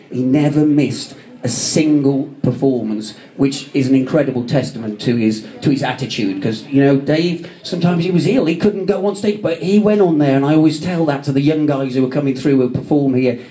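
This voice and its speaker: A man's voice: on the high side, warm tone. A man giving a chatty, joking memorial speech to a crowd in a theatre foyer. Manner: chatty, joking, self-mocking. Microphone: phone camera in the audience.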